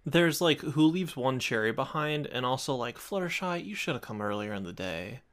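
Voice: mid-range voice, lively intonation, normal speed, fairly bright tone. A podcast co-host recapping a cartoon in casual chat, with a wry, joking, laid-back manner.

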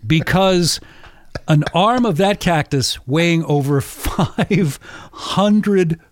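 Animated man telling a story, dry mic. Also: fairly high pitch, slow pace, no room sound. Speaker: podcast host. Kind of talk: casual storytelling.

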